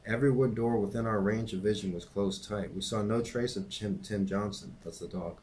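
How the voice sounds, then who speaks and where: A man reads a novel aloud in a steady, unhurried way. His voice sits lowish, and a faint hiss runs under the recording. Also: rough recording. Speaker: reader and teacher.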